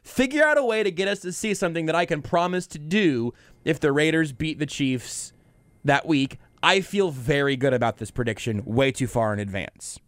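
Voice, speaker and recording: A man hosting sports talk radio. He fires off brash, animated hot takes with a somewhat high, clean and smooth tone. The studio sound is dry and close. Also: normal speed, dry recording.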